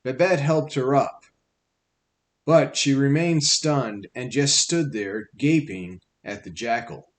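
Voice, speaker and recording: A man narrates an audiobook at an unhurried, deliberate pace. His voice sits in the middle range, and his delivery is wry and measured, the manner of a practiced storyteller. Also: medium pitch.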